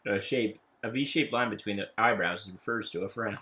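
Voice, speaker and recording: A man's voice: fairly low pitch, moderate pace, sharp tone. A man co-hosting a casual board game chat, easygoing and curious as he explains games. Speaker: board game channel co-host.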